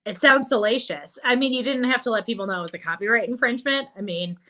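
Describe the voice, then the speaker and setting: Bright, chatty woman radio host. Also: on the high side. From Buffalo, New York. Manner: chatty, quick-witted, teasing. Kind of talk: casual video-call interview. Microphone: video call.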